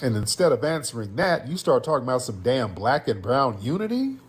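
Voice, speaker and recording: Husky, lively-voiced male commentator. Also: medium pitch, fairly quick. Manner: emphatic, animated, scolding. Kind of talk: political commentary.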